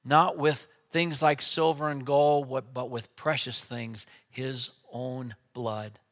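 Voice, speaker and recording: A man preaching a sermon with dynamic delivery, dropping to a hush and then rising to loud, emphatic lines. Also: on the high side, unhurried.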